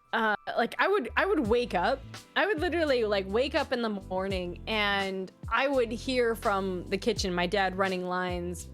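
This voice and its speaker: A young adult woman from Canada chatting as a podcast guest, telling animated stories, swearing freely and acting out the quotes. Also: mid-range voice. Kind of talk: casual chat on a live podcast.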